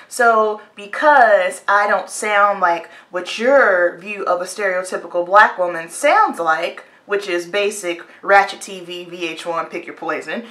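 A hairstylist and beauty vlogger in her late twenties, from Virginia and North Carolina in the United States, chats candidly and with strong opinions straight to her viewers while getting ready. Her mid-range voice sounds pushed and bright, and she talks at a normal speed with few pauses.

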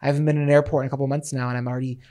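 A man's voice: mid-range voice, level tone, very fast, mellow. A young man co-hosting a podcast in casual chat, playful and giggly, rambling along with lots of fillers. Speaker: podcast co-host.

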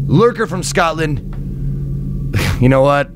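A man's voice: on the high side, very animated, unhurried, music in the background. A man streaming a game live, rambling and chatty, thanking viewers and swearing freely. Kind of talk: casual live-stream chat.

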